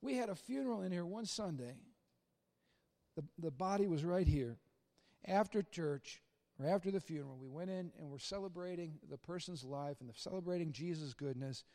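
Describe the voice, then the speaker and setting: A middle-aged man preaching a humorous sermon in a church sanctuary. He tells stories with jokes and swings from loud bursts to hushed asides. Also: a little high, normal speed. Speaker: pastor.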